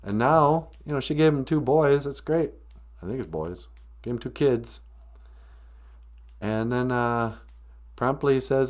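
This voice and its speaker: A man's voice: mid-range voice, unhurried, long pauses. A man hosting a live-stream podcast, rambling through a sarcastic, mock-grumpy comedic rant. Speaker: podcast host.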